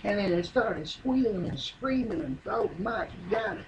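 A man's voice: high-pitched, expressive, a little slow, a loud crowd, rough recording. A man telling a rambling, profane comic yarn in folksy, drawling speech. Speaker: comedian telling a story. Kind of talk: stand-up comedy monologue.

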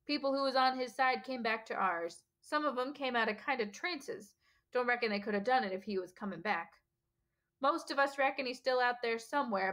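A gruff, kindly giant of a gamekeeper, as a woman reads him talks in a rough, folksy country dialect. The voice sits a little high for such a big man, and the storybook telling keeps it homely. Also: a bit bright, close to an everyday voice. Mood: earnest. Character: huge bearded male gamekeeper, gruff but kindly.

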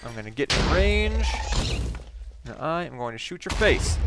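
A man talks through a game as he plays, chatty and easily excited, his pitch leaping up and down. A steady hiss of noise sits under the recording. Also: normal speed. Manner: chatty, excitable, jumps to high exclamations. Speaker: gaming channel host. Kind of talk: Minecraft let's play commentary.

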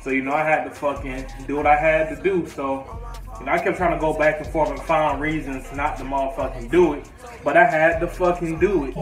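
A man tells a crude story in a loose, slangy, swaggering way, his voice sitting a bit high for a man. He sounds roomy and somewhat far from the mic, with faint music playing. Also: brisk. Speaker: vlogger. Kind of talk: casual story time.

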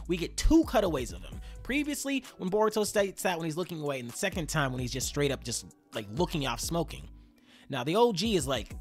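Male manga recap host: casual and slangy, lively pitch, a bit husky. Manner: slangy, animated, talks straight to viewers. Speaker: anime and manga commentator.

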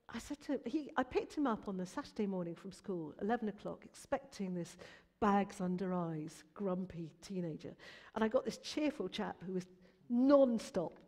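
Woman in her 50s, mid pitch, earnest faith testimony, long church-like reverb. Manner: earnest and animated, rising emphatic bursts. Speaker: Christian musician guest. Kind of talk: personal faith testimony in an interview.

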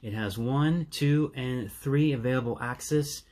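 A man's voice: mid-range voice, slow pace, a little mellow. A man hosting his own channel, explaining his gear in a casual, eager way with some fillers and restarts. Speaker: channel host.

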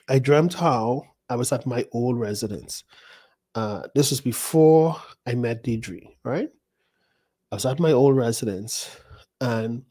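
A man's voice: medium pitch, mellow. A male pastor in his fifties, teaching a sermon by retelling his own dreams in a loose, conversational way that circles back on itself with asides. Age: 50s. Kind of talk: sermon teaching through personal dream stories.

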